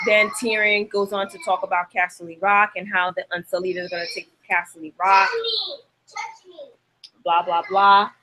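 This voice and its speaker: A woman's voice: mid-range voice, sharp tone, slight background noise, rough recording. A young woman hosting a casual TV recap, chatting loosely and laughing often. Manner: chatty, laughs often, acts out lines from the show. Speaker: podcast host.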